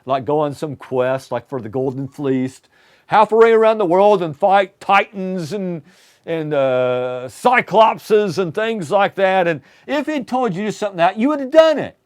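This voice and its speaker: A man's voice: high-pitched, expressive, normal speed. A man preaching a sermon lesson, retelling the scripture story with emphatic storytelling and frequent restarts.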